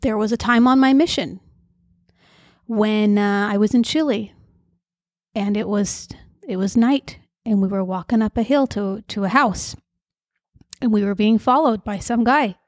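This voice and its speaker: A middle-aged woman host telling personal stories in an earnest, confiding way, with soft fillers between thoughts. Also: mid-range voice, unhurried, long pauses, no room sound, clean studio sound. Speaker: podcast host and emotional coach. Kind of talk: personal storytelling monologue.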